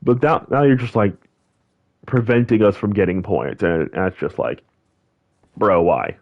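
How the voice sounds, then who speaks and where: A young man hosting a gaming channel, chatting casually over gameplay in a rambling, animated way, full of fillers and restarts. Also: lowish voice, moderate pace, muffled recording.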